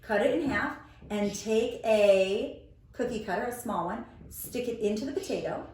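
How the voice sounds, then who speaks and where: Patient teacher woman in an echoey room. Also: mid-range voice. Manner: patient, gentle, sounds out words slowly. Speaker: preschool teacher. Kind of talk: teaching a child on video. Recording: very echoey room, mic far off.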